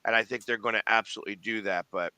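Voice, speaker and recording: A man's voice: lowish voice, fairly even intonation, quick pace, sharp tone, clear, resonant tone, no room sound. Emphatic man talking sports. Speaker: sports show co-host. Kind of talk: casual sports talk.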